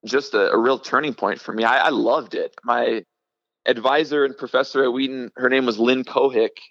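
A young man, a ministry director, telling his life story in a casual interview, halting with many fillers and restarts. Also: mid-range voice, steady tone, fairly bright tone, no room sound, dull audio. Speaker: middle school ministry director, guest.

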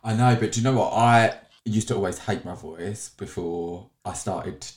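Frank man, lowish voice. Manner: frank, quick, conversational. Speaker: podcast co-host. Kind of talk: casual chat.

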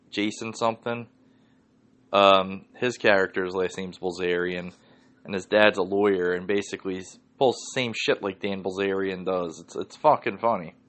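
Deep-voiced with a bit of brightness, a swearing Philly man from Northeast Philadelphia rants alone on his podcast, cursing heavily throughout.

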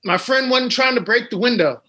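A man appearing as a guest on a video call, telling a story with many pauses and ums. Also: very high-pitched, expressive, pushed and bright, husky. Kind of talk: storytelling on a podcast.

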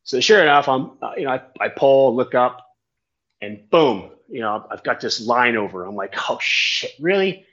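A man's voice: mid-range voice, moderate pace, fairly bright tone, highs cut off. A man, a tandem skydiving instructor telling a story in a casual, rambling chat and swearing freely.

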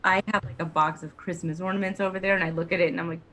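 A woman's voice: lowish voice, fairly even intonation, racing, fairly bright tone. A woman co-hosting a podcast, rambling casually with lots of fillers, laughs and swearing. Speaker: podcast co-host. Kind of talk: casual chat recapping a TV show.

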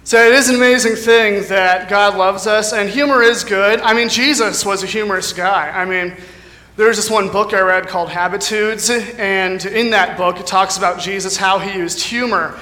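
A man's voice: high-pitched, moderate pace, pushed and bright. A man with an American accent giving a casual, joking sermon as a guest speaker, with lots of fillers like "you know.". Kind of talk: sermon with jokes. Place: church sanctuary. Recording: echoey hall reverb.

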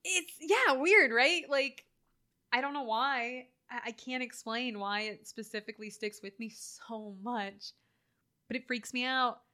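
A woman co-hosting a casual chat, animated and full of filler words, acting out quoted lines as she talks. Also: on the high side, a little slow. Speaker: podcast co-host. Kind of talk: casual chat reviewing a horror film.

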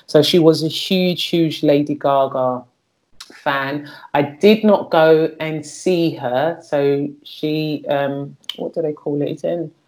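Middle-aged woman, low voice, blunt and earthy, keeps restarting her sentences. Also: fairly even intonation, slow, darkish tone. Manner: frank and earthy, repeats words while searching for them. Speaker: guest. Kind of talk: candid personal conversation.

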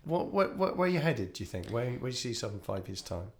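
A man's voice: medium pitch, sing-song, fast, gravelly. A man, hosting a casual podcast chat from an empty shop, jokey and rambling. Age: 40s. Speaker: podcast host.

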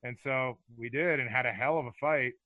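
Brisk and fairly even in intonation, this middle-aged man's medium-pitched voice carries rambling, profane stories from his days as a hockey fighter. He laughs throughout the casual podcast interview, which sounds dull, dry, lo-fi, and free of room sound.

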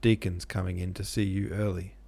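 A man's voice: low voice, little pitch movement, fairly quick, gravelly, warm tone. A man voicing a cheerful, hearty young medical student who talks in a breezy, friendly way.

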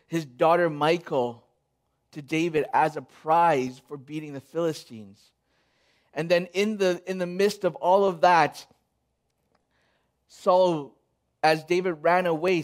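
A man preaching a sermon, retelling a Bible story in a lively, casual way and quoting the figures in everyday speech. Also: on the high side, measured pace.

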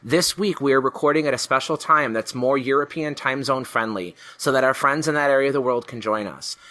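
A man's voice: medium pitch, fairly quick, sharp tone. A man hosting a casual podcast, chatty and friendly, with frequent fillers and restarts. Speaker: podcast host. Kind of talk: casual video-call podcast chat.

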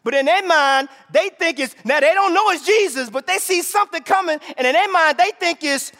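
A male pastor preaches in a very high, bright voice, pulling the congregation in with repeated "right?" calls. He swings between shouted lines and quieter asides. Long reverb from a large hall trails every phrase. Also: brisk. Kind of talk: sermon.

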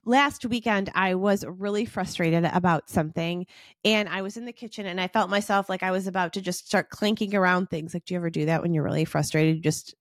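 A woman's voice: on the low side, brisk, no echo, clean studio sound. Earnest woman hosting a self-help podcast. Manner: earnest, encouraging, speaks to the listener directly. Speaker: podcast host.

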